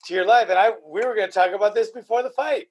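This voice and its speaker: A podcast host in casual chat, emotional and profane, often repeating himself. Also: male voice, high voice, quick pace.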